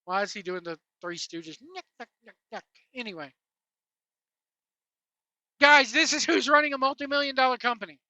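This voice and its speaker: A woman's voice: sits high, moderate pace, pauses often, pushed and bright, dry recording. A woman giving ranting commentary in a sarcastic, indignant, rambling way. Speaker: wrestling commentary vlogger. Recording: dull, dry lo-fi sound.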